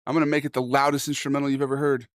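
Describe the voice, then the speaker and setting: A man's voice: medium pitch, little pitch movement, rapid-fire. A man hosting a casual livestream, reading posts aloud and reacting with jokey, profane banter to his chat. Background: instrumental music playing under the talk.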